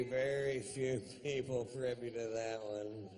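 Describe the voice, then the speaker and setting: A middle-aged man doing stand-up, telling a story in a drawling, deadpan, profane way on a theater stage. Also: low voice, measured pace. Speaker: stand-up comedian.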